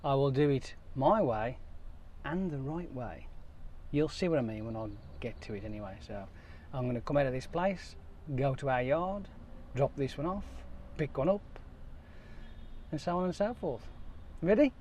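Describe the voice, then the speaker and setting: A man's voice: mid-range voice, expressive, normal speed, muffled recording. A man driving a lorry, giving a jokey, chatty running commentary and swearing freely. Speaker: lorry driver vlogger. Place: lorry cab. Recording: loud engine and road noise.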